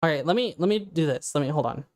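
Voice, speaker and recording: A woman game streamer, a little congested, chatting excitedly with her live chat into a condenser microphone. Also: sits low, fast talker.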